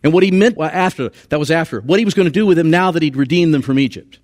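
A man preaching a sermon in an animated, conversational way. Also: a little high, fast.

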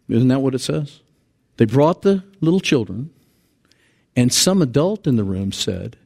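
Animated male pastor preaching. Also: normal speed. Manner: animated, acts out quoted voices with big pitch jumps. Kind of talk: sermon. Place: church sanctuary.

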